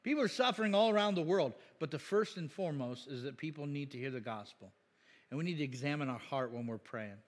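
Joking pastor preaching in a reverberant church. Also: male voice, on the high side, animated, fast. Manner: jokey, laughs often, rises to loud emphatic peaks. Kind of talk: sermon. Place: church sanctuary.

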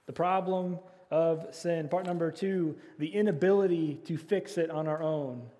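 A man's voice: on the high side, unhurried, warm tone. A man preaching a sermon as pastor, earnestly repeating key phrases and leading the congregation in call and response. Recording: long hall reverb.

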